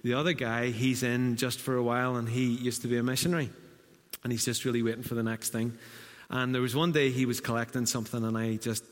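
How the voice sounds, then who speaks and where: A man's voice: medium pitch, level tone, fast. Man preaching in a reverberant hall. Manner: conversational storytelling, self-deprecating asides. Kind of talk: sermon.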